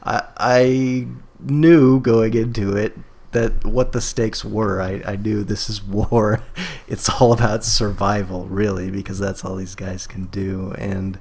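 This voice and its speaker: A young man chatting casually about films, easygoing and halting, laughing often. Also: lowish voice, level tone, darkish tone, breathy edge. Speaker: podcast co-host. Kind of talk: casual movie review chat.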